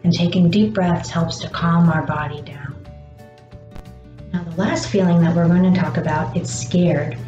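A woman teaching young children about feelings, speaking slowly and encouragingly and pausing for their answers. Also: fairly low pitch, steady tone, mellow. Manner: slow, encouraging, pauses for answers. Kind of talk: gentle lesson for young children. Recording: dull roomy sound with faint music.

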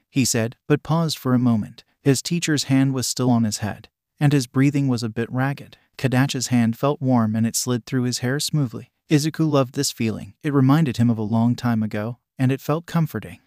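A man narrating a fan-fiction story in an even, unhurried reading. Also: mid-range voice, no echo, clean studio sound.

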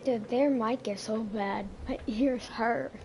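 A woman's voice: fairly high pitch, slow pace, background noise. A woman streaming a game, chatting casually and saying dude a lot. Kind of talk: casual gaming commentary.

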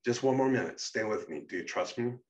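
A gentle woman soothes and reassures, voiced by a man with a deep voice. She coaxes patiently and warmly. The recording is dull and set back from the mic. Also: lively intonation, a little fast, lightly acted. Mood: coaxing. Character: patient, caring woman, a calming confidante. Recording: muffled, distant mic.

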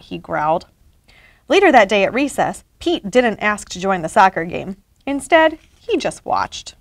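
A woman reading a children's picture book aloud, expressive and animated. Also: mid-range voice, unhurried, no room sound. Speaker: story reader.

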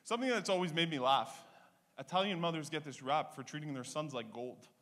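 A man, doing a stand-up comedy set with punchy, animated storytelling. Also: fairly high pitch, brisk, a little hiss or hum. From Canada (Ontario).

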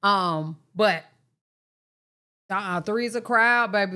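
A woman reacting to a story with loud, playful, joking asides. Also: mid-range voice, takes it slowly. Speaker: reaction host.

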